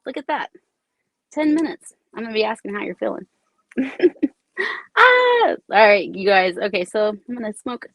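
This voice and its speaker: A woman hosting a casual livestream, bubbly and excited, greeting viewers by name as they arrive. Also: mid-range voice, normal speed, creaky, no room sound. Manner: bubbly, shouts out commenters by name. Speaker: livestream host. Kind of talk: casual live chat with viewers.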